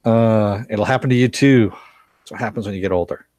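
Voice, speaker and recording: This live-stream host talks a little fast in a fairly low, slightly mellow voice, with no echo. Reviewing a TV series casually, he reads chat aloud, chuckles often, and wanders through his points with fillers and restarts.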